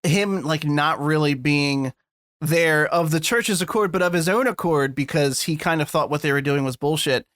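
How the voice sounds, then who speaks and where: A man with a somewhat high voice talks in a loose, rambling podcast chat, dropping the odd swear word. The sound is dry and close, with no room around it. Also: normal speed, no room sound. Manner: rambling, animated, swears casually. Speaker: podcast co-host. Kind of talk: casual chat.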